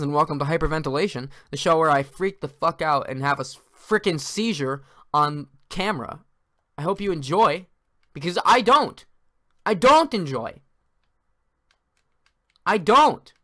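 A man doing let's-play commentary, frantic and exasperated, ranting and yelling at the game as he plays. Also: fairly high pitch, brisk. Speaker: gaming video creator.

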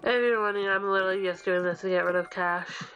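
This gaming vlogger, a young woman, rants casually through a story while she plays, cursing and doing the voices of the people she quotes. Her mid-range voice is a bit bright and fairly even in intonation, she talks fast, and the recording is low quality.

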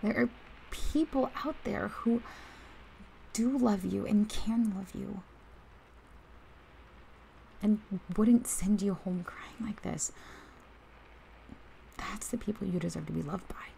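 A woman's voice: mid-range voice, takes it slowly, creaky, long pauses, dark tone, slight background noise, poor audio. A young woman voicing a protective best friend in a whispered role-play, swinging between heated and tender as she speaks straight to the listener. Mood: indignant. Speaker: ASMR role-play performer.

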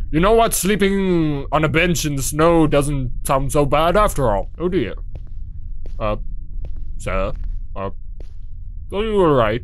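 A man giving theatrical, excitable horror game commentary, swearing a lot and playing along with his in-game character. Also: fairly high pitch, a little slow, pauses often, soft background music. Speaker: let's play gamer.

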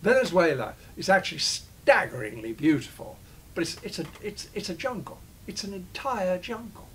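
A man's voice: high voice, very animated, sharp tone, slight background noise. An older man, an actor, recalling old shoots in a digressive interview, often breaking off and restarting his sentences. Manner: digressive storyteller, halting restarts. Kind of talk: reminiscing interview.

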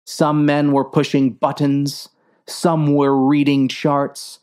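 A woman reading a clumsy war story aloud in a slow, mock-earnest narration. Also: low-pitched, level tone, a little mellow. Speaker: story reader.

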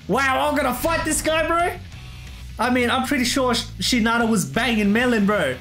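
Excitable man commentating a game, saying "bro". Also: extremely high pitch, normal speed, faint music behind. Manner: excitable, laughs a lot, says "bro" constantly. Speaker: gameplay streamer. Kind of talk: casual let's play commentary.

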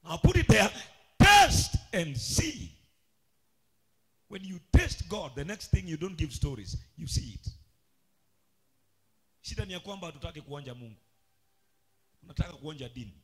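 A man preaching a charismatic church sermon, swinging from loud shouted calls to quiet asides and sing-song chanting, with a husky voice. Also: on the high side, big pitch swings, brisk, long pauses. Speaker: pastor. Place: church sanctuary.

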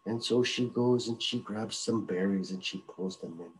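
A man's voice: fairly low pitch, normal speed, slight background noise, low-quality recording. A man telling a traditional folk tale in a loose, repetitive, conversational style. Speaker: storyteller. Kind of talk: oral traditional storytelling.

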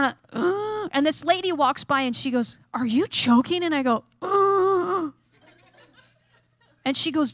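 Woman, high voice, dry close sound, comic sermon storytelling, self-mocking and animated. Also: no echo. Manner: animated, self-deprecating storyteller acting out scenes. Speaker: chapel speaker.

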